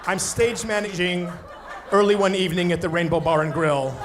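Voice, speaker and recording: A man tells a stand-up story with a lot of animation and slips into voices for each person in it. His voice sits a little high, and steady noise runs under the played-back set. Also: normal speed. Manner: animated, acts out other people's voices. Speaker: stand-up comedian.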